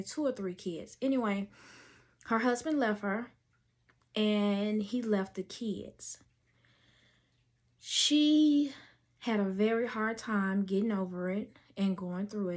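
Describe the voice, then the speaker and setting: A woman's voice: medium pitch, darkish tone. A woman podcast host in casual storytelling chat, talking emotionally about her life before telling a nanny story. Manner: emotional, slow and drawn out.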